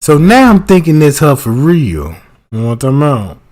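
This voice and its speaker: A man, talking loosely into his livestream in a somewhat high voice. He rambles, swears freely and keeps checking that his listeners follow him. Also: very animated, a little fast, darkish tone. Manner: loose, profane, keeps asking "you know what I'm talking about". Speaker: livestream host. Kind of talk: casual livestream commentary.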